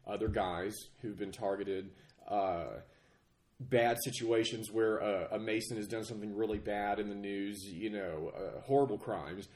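A man with a fairly low voice who is getting over a chest cold, explaining things at length in a casual podcast chat. He talks in a measured way, often restarting his sentences, and the recording has a roomy echo around him. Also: a little mellow. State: recovering from a chest cold, coughing. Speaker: guest.

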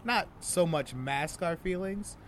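A young man and stand-up comedian talking casually and reflectively, getting animated when he acts out scenes. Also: on the high side, takes it slowly, a little hiss or hum. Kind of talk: casual chat.

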